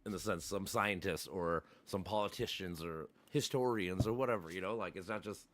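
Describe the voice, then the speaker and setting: A man's voice: sits low, normal speed. A man hosting a livestream, casually and profanely retelling an argument and acting out both sides. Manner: profane, animated, acts out both sides of a debate. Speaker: livestream host.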